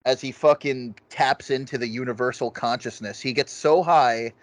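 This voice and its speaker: A man in casual conversation as a podcast co-host, his talk loose and peppered with swearing. His voice sits at an ordinary pitch and is recorded close and dry, with no room sound. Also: normal speed, no echo. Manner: swears freely, loose rambling delivery. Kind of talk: casual film review chat.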